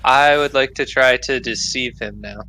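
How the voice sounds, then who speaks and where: A man's voice: mid-range voice, moderate pace, pushed and bright, a little hiss or hum, rough recording. A man playing in a tabletop role-playing game, eager and persuasive, often restarting mid-sentence. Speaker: player.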